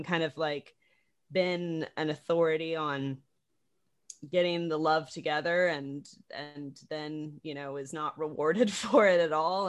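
A woman with a low-pitched voice talks through a stage production in relaxed conversation. She is animated, laughs often and circles back with fillers and restarts as she thinks aloud. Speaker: theater practitioner discussing a production. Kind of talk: casual conversation about a play.

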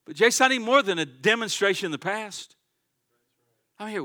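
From the pulpit of his church sanctuary, a pastor preaches a sermon with fervent emphasis, dropping from loud declarations to quiet asides. His voice is high-pitched and animated, at normal speed with long pauses.

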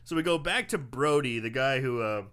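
A man in casual chat, recapping a movie plot with friends, animated and acting out the characters' lines. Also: medium pitch, moderate pace, a little hiss or hum. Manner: animated, acts out characters' lines, swears freely.

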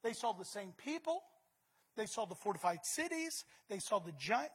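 A woman preaching a sermon, emphatic, repeating words and swinging between loud and soft. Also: mid-range voice, very animated, moderate pace, slightly rough.

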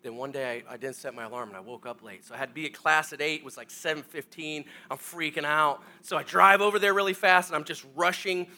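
A middle-aged male pastor telling a comic story in a sermon, animated and self-mocking as he acts out the scenes. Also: a little high, fast talker, hardly any pauses.

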